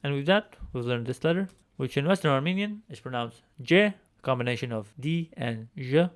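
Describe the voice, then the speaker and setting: Patient male teacher, medium pitch. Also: expressive. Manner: patient, explains slowly and repeats words. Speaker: language teacher. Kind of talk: recorded alphabet lesson.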